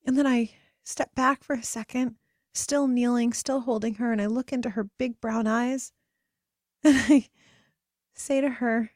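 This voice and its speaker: A woman in her thirties hosting a podcast, speaking in a gentle, reflective way and dropping to soft whispers at tender moments. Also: fairly high pitch, fairly even intonation, a little slow, no room sound, clean studio sound. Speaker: podcast host and coach. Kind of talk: guided reflective talk.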